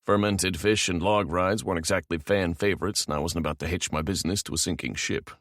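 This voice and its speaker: A man narrating a romance audiobook in a calm, measured manner. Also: low voice, dry recording, clean studio sound.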